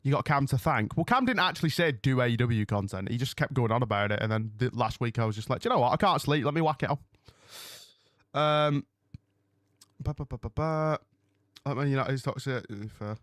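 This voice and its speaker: A man's voice: mid-range voice, quick pace, fairly bright tone, no echo. A man chats through a live watch-along stream from his room, rambling loosely from one point to the next. His voice sits in a middle register and is recorded close and dry, with no room sound. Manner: rambling and chatty, loses his train of thought. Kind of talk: casual live-stream chat. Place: home room.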